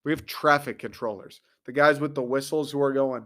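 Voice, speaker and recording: A man's voice: mid-range voice, fairly even intonation, fairly quick, a bit bright. A man hosting a show, delivering a profane, sarcastic comedic rant in an exasperated tone. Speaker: podcast host.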